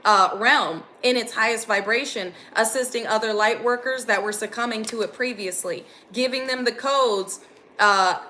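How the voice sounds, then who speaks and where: A woman's voice: on the high side, sharp tone, slight background noise. A young woman giving an earnest, intense channeled spiritual reading to her viewers. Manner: earnest, intense, gets emotional. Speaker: spiritual reader.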